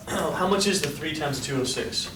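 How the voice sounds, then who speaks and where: A male statistics lecturer with a slightly high voice speaks a little slowly. Upbeat in tone, he questions his students and coaxes them toward answers. The recording has a distant mic, room echo, and background noise.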